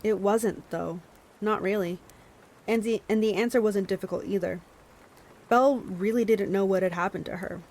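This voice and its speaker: A woman's voice: medium pitch, darkish tone, low-quality recording. A woman hosting a book club stream, reading a novel aloud with small stumbles and self-corrections, and chatting to her viewers between passages.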